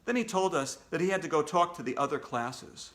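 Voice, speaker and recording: A man's voice: on the high side, expressive, a little fast, fairly bright tone. A man, a children's author, reading his own storybook aloud to kids in a playful way with jokey asides.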